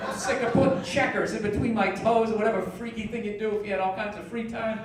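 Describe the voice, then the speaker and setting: Male comedian, high voice, sarcastic profane rant, echoey distant club sound. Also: fairly even intonation, fast talker, a loud crowd. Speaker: stand-up comedian. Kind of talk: stand-up routine. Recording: echoey distant recording with loud noise. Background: audience laughter.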